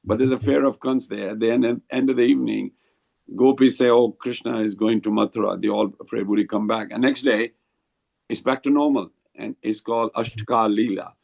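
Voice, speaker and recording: A man leading a devotional group discussion over a video call, explaining slowly and rambling a little. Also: medium pitch, steady tone, vocal fry, darkish tone.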